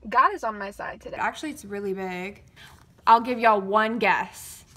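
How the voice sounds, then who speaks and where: A young woman, vlogging an excited unboxing reaction, giddy and exaggerated, mumbling one moment and squealing the next. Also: medium pitch, normal speed. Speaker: K-pop fan vlogger.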